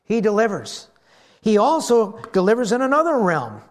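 A male pastor preaching to his congregation, his voice sitting high and leaping up and down in pitch. He throws himself into the story, taking on the voices of its characters as he preaches. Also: moderate pace. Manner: animated, acts out the voices in the story. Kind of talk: sermon.

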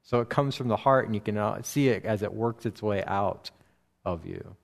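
A man teaching through a Bible passage verse by verse, speaking slowly and deliberately with frequent pauses and restarts. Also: on the low side, creaky. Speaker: preacher.

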